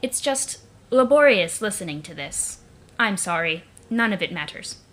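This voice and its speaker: A woman's voice: medium pitch, animated, moderate pace, fairly bright tone, close to an everyday voice. A woman voicing a composed, dry-witted female troll who answers with sass.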